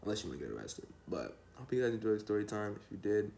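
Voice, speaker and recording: Young man with a gravelly low voice. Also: very animated, rapid-fire, dark tone, slight background noise. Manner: rambling, slangy, laid-back storytelling. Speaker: storytime vlogger. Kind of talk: casual storytelling.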